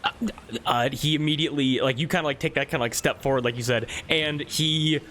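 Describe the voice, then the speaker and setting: A man's voice: a little high, fairly even intonation, fairly quick, bright, forceful tone, a little hiss or hum. A man narrating a tabletop game as game master, rambling with many fillers.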